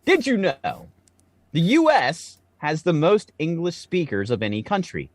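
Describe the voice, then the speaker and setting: Animated storytelling podcast host, man. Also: a little high, a little slow, no room sound. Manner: storytelling, swears freely, animated when excited. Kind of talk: casual podcast chat.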